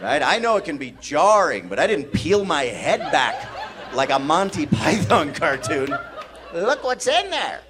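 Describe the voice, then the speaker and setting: On a comedy club stage before a laughing crowd, a Midwestern American man performs stand-up, animatedly acting out strangers from his stories, including drunks with mumbling voices. His voice is fairly high, his pace measured, and crowd noise fills the background.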